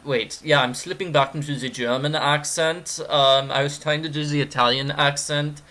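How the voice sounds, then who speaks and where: A man's voice: a little high, fairly even intonation, normal speed, few pauses, sharp tone. A man giving gameplay commentary, rambling and cracking goofy jokes. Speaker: let's player.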